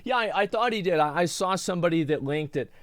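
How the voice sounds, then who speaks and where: A male streamer rants in exasperation, repeating himself as he reacts to a clip. His voice sits a little high and sounds smooth and clear. The close mic is dry, with soft music underneath. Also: expressive, fast, no room sound. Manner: exasperated, ranting, lots of restarts.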